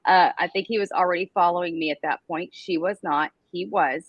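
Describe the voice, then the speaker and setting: A woman co-hosting a casual live chat, excitable and quick to swear. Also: fairly low pitch, husky, no room sound, lo-fi sound.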